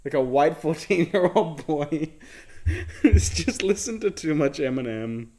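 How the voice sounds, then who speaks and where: A man trading teasing, jokey banter as a podcast co-host, his voice a touch higher than most men's. His delivery is casual and playful, full of quick asides. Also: animated, warm tone.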